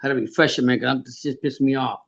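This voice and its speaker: A man's voice: medium pitch, steady tone, very fast, creaky, a bit bright, breathy edge, muffled recording. A man hosting a live fight reaction stream, swearing, stammering and answering chat comments.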